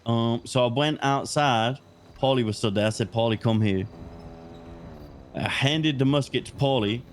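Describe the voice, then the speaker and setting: A man's voice: medium pitch, moderate pace, slight background noise. British man swearing through a story. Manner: swearing, storytelling, animated retelling. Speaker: police officer in role-play. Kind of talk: in-character role-play chat.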